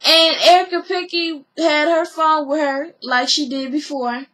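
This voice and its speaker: A woman's voice: high voice, fairly even intonation, a little slow, fairly bright tone. A woman vlogger giving a blunt, slangy recap commentary.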